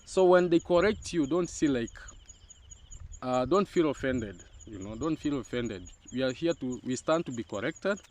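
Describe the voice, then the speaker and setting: A man's voice: medium pitch, expressive, normal speed, darkish tone. A young Kenyan man with a Kenyan accent, giving casual commentary on a YouTube channel, repeating his points with emphasis and asking "huh?" as he goes.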